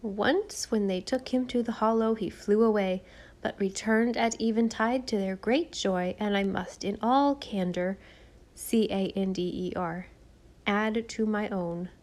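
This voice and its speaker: A woman voicing a stern, fussy older housekeeper in an audiobook, speaking in a deliberate, scolding way. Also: mid-range voice, a little mellow, lightly acted. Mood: fond. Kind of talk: audiobook character voice.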